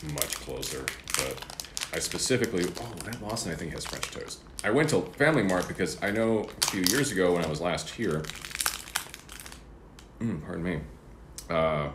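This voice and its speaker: A man's voice: low voice, background noise. A man livestreaming from his apartment room, chatting casually and rambling while he eats breakfast. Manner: rambling, chatty, eating between words. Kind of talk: casual chat. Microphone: streaming setup. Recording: roomy apartment echo.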